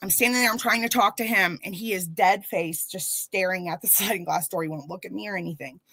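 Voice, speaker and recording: Podcast guest, woman, 30s, candid storyteller, bright clear voice, mimics quoted people. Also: mid-range voice, a little fast, dry recording, poor audio. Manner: animated, acts out quoted voices.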